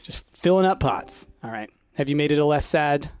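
A man's voice: fairly high pitch, lively intonation, moderate pace, darkish tone, clean tone, no room sound, studio quality. A man hosting a casual gaming session, chatty and playful, laughing often. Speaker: gaming video host. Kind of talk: casual gameplay chat.

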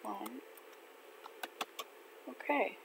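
An older woman from Canada chatting casually to herself while playing a video game, gentle and unhurried. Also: on the high side, vocal fry, background noise. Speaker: gaming channel host. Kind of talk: casual gameplay chat. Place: home in winter.

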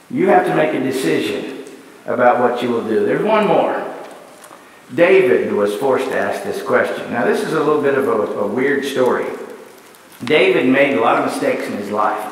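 A man's voice: a little high, fairly bright tone. A man preaching a sermon in a church, pressing his point with repeated rhetorical questions and building lists. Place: church sanctuary. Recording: echoey church hall, distant mic.

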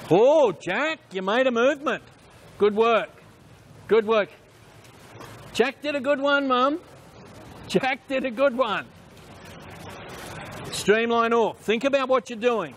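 Man, swim coach, high voice, unhurried delivery, short repeated commands, poolside. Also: a bit bright, a little hiss or hum. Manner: short repeated instructions and praise. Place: swimming pool.

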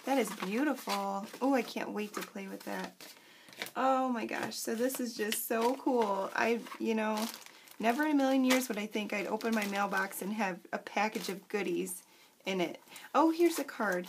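A young woman, gushing and excited as she chats to camera in a home craft vlog, full of fillers and asides. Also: a little high, a little slow, background noise. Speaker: craft vlogger. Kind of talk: casual chat to camera.

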